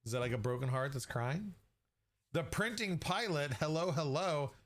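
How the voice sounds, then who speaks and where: A man's voice: a little high, animated, normal speed. A man hosting a casual livestream, chatty and joking, who greets viewers by name and laughs often. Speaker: livestream host.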